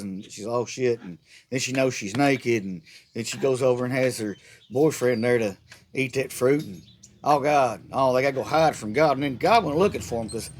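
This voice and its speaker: A middle-aged man, ranting sarcastically and at length in a rambling, casual monologue full of restarts. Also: medium pitch. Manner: rambling, sarcastic, irreverent, repeats words. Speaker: vlogger.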